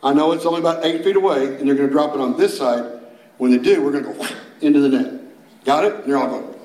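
A man preaching a sermon as a youth minister, telling the story in a folksy, animated way with playful put-on voices. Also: fairly high pitch, quick pace, roomy sound, low-quality recording.

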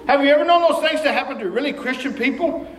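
A man preaching a sermon as a visiting preacher, emphatic and breaking into shouts. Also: very high voice, quick pace. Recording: echoey room.

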